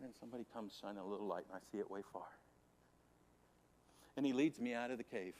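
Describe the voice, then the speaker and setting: A man teaching Sunday school, preaching with a repetitive, emphatic cadence and dramatic swings from hushed to loud. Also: fairly low pitch, fast talker, slight background noise. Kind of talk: Bible teaching to a congregation.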